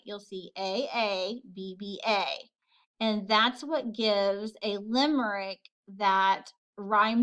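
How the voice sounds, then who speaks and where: Slow, patient woman teacher. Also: fairly high pitch, fairly bright tone, poor audio. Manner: slow, patient, explains step by step. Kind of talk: classroom lesson on poetry.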